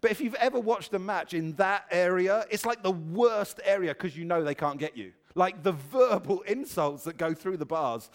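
A pastor preaching a conversational sermon, with humorous, self-deprecating asides. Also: male voice, sits high, expressive, normal speed, hardly any pauses.

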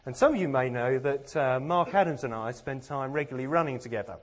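A man's voice: medium pitch, quick pace. A man from England giving a sermon, earnest and self-deprecating, with plenty of rhetorical questions. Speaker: preacher.

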